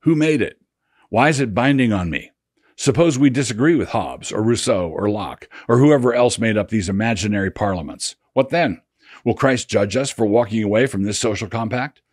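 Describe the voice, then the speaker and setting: An older man, a pastor, reading his essay aloud in a measured, sardonic way. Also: lowish voice, no room sound, clean studio sound. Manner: sardonic, measured, drops voice for quotes. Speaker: pastor and blogger.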